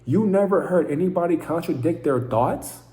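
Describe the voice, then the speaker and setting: A man's voice: fairly high pitch, lively intonation, moderate pace, warm tone, reverberant. A man giving an intense, profane, preaching monologue to camera as a vlogger.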